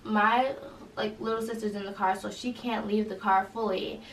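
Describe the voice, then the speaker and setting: A young woman, a college student, recounting an incident in an interview, halting and full of fillers. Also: mid-range voice, steady tone. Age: young adult. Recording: roomy echo, distant mic, faint noise.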